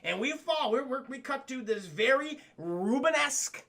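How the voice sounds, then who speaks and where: Streamer reviewing a cartoon for chat: animated, swearing, bright gravelly voice that swings all over. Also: male voice, very high-pitched, moderate pace. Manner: animated, keeps addressing chat, swears a lot. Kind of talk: profane casual live-stream commentary.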